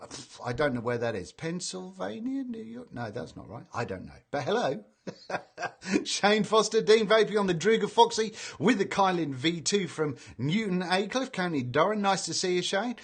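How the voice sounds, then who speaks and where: A man's voice: sits high, big pitch swings, normal speed, husky. A man hosting a casual live stream, reading out viewer greetings in a chatty way and stumbling over names. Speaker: livestream host reading chat.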